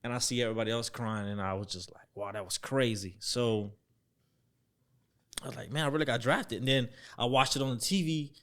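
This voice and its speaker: A young man telling a story as a podcast guest, acting out the voices he quotes, dropping to near-whispers and then jumping up loud. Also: mid-range voice, brisk. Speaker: podcast guest, former football player. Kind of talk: storytelling in a casual interview.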